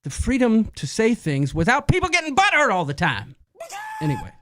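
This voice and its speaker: A man's voice: very high-pitched, wildly swooping pitch, a little fast, bright, forceful tone, slight background noise. Chatty joking man co-hosting. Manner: jokey, chatty. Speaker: co-host. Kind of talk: casual live-stream chat.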